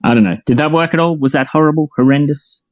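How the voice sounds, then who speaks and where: A man's voice: fairly high pitch, quick pace, no echo. An Australian man hosting a casual online voice-chat show, laid-back and chatty, calling people mate. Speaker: host.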